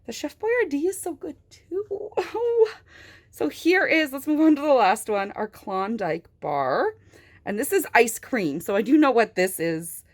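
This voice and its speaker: Young woman toy reviewer, high bright voice, unhurried, gushes over every find. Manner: gushing and excitable, with gasps and squeals of delight.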